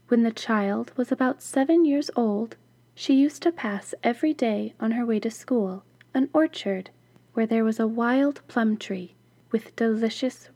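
A woman's voice: a little high, warm tone, no echo. A woman hosting a podcast, reading a fairy tale aloud and adding chatty, wry asides. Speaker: podcast host and storyteller.

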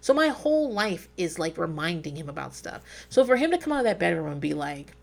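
A woman's voice: on the low side, fairly quick, vocal fry. A woman hosting a podcast, giving blunt, profane commentary and telling stories from her own life. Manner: blunt, profane, animated storytelling. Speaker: podcast host.

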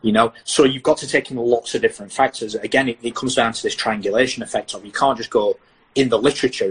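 Here the same kind of speaker appears: a British English-accented sports science lecturer explaining research on a podcast and animatedly performing athletes' and coaches' lines. His pitch is fairly low, his voice slightly rough, and the recording is rough.

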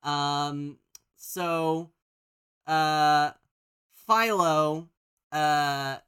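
Man, podcast host, casual recap, rambling, bright voice. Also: a little high, fairly even intonation, drawn-out words, clean tone. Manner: rambling with many fillers. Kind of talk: casual episode recap chat.

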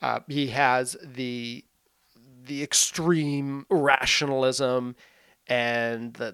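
A man in a loose, casual film chat, full of fillers and restarts, now and then slipping into little acted-out bits of scenes. His voice is smooth and resonant, recorded dry and close with no room sound. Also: mid-range voice, a bit bright, no room sound. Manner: rambling, frequent "like" fillers, acts out scenes.

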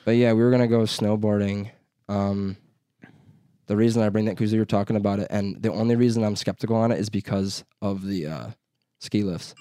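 A man's voice: on the low side, fairly even intonation, a little fast, dark tone, no room sound, clean studio sound. A young man co-hosting a podcast, telling rambling stories in casual chat and cursing a lot. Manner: profane, rambling storytelling. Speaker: podcast co-host.

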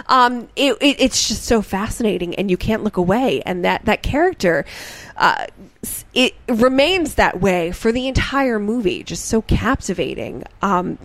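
A woman chatting casually on a podcast, gushing and excitable, with halting restarts. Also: mid-range voice, no echo. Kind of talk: casual chat.

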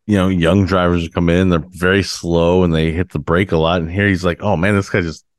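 A man in casual podcast chat, calmly reasoning aloud as a guest. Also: low voice, brisk, clear, resonant tone, dry recording, clean studio sound.

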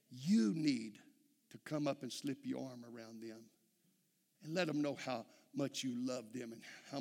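A man's voice: fairly high pitch, vocal fry, in a large hall. A man preaching a sermon in a church, telling folksy stories and calling out "amen?" to the congregation. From Texas. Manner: folksy storytelling, frequent "amen?" calls to the congregation. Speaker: pastor.

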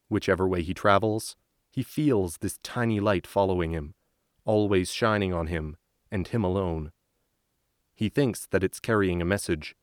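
A man reading a story aloud as narrator, at a slow and measured pace. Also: sits low, no echo, clean studio sound. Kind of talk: scripted audiobook narration.

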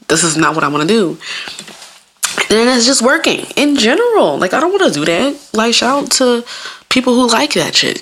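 A young woman hosting a podcast, telling stories in a casual, profane, animated way and laughing often. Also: on the high side, a little hiss or hum. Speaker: podcast host. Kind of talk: casual comedic monologue.

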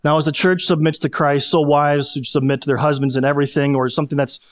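Male pastor, middle-aged, preaching in a high, conversational voice with jokes and restarts. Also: level tone, quick pace. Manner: conversational, self-deprecating humor, repeats words when restarting. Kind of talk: sermon.

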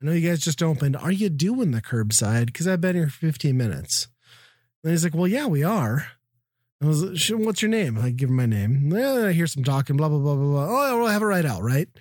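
A man's voice: fairly high pitch, animated, a little fast, warm tone, no echo, studio quality. A middle-aged man from the Midwest telling a profane, exasperated story in casual chat. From American Midwest.

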